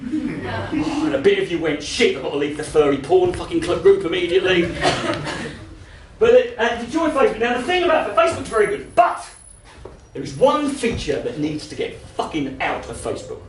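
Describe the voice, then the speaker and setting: A stand-up comedian in his thirties, swearing freely and shouting out punchlines. His voice sits very high for a man. The recording has a roomy live-venue sound, with the voice a little distant from the mic. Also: sing-song, moderate pace, a crowd in the background. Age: 30s. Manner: brash, profane, bursts into shouting. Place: comedy venue in front of a laughing audience.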